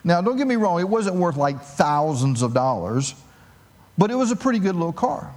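Middle-aged male pastor, a touch high-pitched, animated sermon storyteller with a joking streak. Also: moderate pace. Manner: animated storytelling with self-mocking humor.

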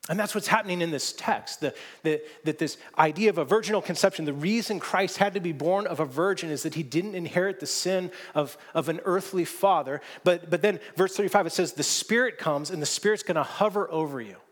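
Male pastor, sermon, fairly high voice, earnest, repeats and restarts words. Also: brisk, hardly any pauses. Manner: earnest, with frequent restarts and rising emphatic passages.

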